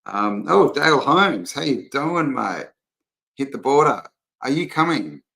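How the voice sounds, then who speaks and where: Gravelly Australian man chatting on a livestream. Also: medium pitch, big pitch swings, measured pace, sharp tone, low-quality recording. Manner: rambling and chatty, greets viewers by name. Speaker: livestream host. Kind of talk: casual livestream chat, reading out viewer comments.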